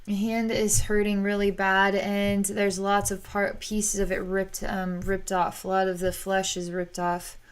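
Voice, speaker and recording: Woman psychic, mid-range voice, talks through a vision in soft, searching, halting phrases. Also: medium pitch, clear, resonant tone. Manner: halting and searching, with frequent restarts. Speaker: psychic reader. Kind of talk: narrating a psychic vision in real time.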